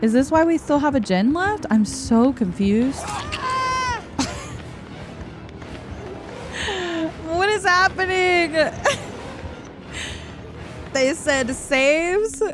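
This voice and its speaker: A young woman chats slowly and a little high while she streams a game, answering her viewers and laughing easily. Soft music plays faintly underneath her voice. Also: expressive. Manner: chatty, reads out and answers chat, laughs often. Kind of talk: casual live-stream chat while gaming. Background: soft background music.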